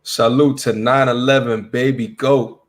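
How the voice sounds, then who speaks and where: A man hosts a casual livestream, slangy and animated as he jokes with his guest and the chat. His voice sits at an ordinary middle pitch. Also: a little slow. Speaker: livestream host.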